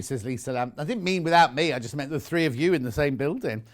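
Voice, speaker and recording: A man's voice: medium pitch, expressive, fast talker, hardly any pauses. A man presenting live shopping television, chatting and bantering with his co-workers. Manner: chatty, bantering, chuckling asides.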